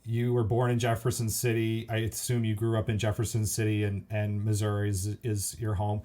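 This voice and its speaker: A chatty man conducting a relaxed interview, drifting into long rambling stories. He restarts his sentences often and talks in an easy conversational way. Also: on the low side, brisk. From United States. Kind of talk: casual interview chat.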